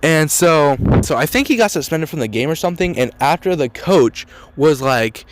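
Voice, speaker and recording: A man's voice: fairly high pitch, expressive, moderate pace, few pauses. A teenage boy telling a story in a casual, rambling way, full of "like" and "dude". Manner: rambling, heavy use of "like" and "dude". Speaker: storytelling vlogger.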